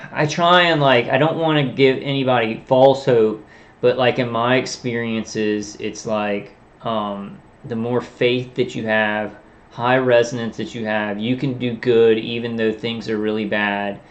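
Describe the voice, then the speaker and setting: A man talking in a halting, rambling monologue, full of restarts and fillers. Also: medium pitch. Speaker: vlogger. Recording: dull lo-fi sound.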